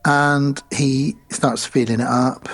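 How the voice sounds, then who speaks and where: A man's voice: mid-range voice, fairly even intonation, takes it slowly, creaky, soft background music. A man co-hosting a horror film podcast, recapping the plot step by step and quoting the characters. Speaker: podcast co-host. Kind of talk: casual film review chat.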